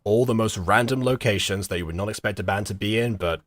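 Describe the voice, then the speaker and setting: A young man giving rambling, halting reaction commentary with lots of fillers and giggles. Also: lowish voice, dry recording, studio quality. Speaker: streamer reacting to a video.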